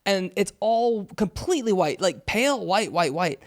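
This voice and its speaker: Animated man telling a story. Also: sits high, moderate pace. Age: 30s. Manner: animated storyteller, acts out voices and screams. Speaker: podcast co-host. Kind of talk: casual chat.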